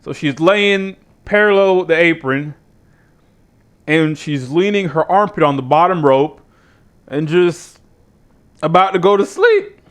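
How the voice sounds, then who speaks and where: A man's voice: a little high, lively intonation, a little slow, pauses often. A man with a slightly raised voice rants in a casual way as he hosts a review show. He rambles, drops curses freely and keeps a dry, mocking edge the whole time. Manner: swears freely, rambling and sardonic. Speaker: show host reviewing wrestling. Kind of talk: casual profane rant.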